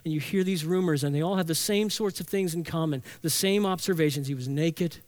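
A man's voice: on the high side, a little fast. A man preaching a sermon as pastor, earnest and emphatic, building points through repeated phrases.

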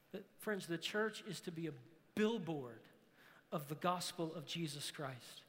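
A man with a high, bright, ringing voice preaches to his church, pressing his points with emphatic bursts that climb toward shouts. His words roll out into a long hall reverb. The sound is that of a large sanctuary. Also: expressive, unhurried. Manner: emphatic preacher, rises to shouts on key phrases. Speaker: pastor. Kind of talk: sermon.

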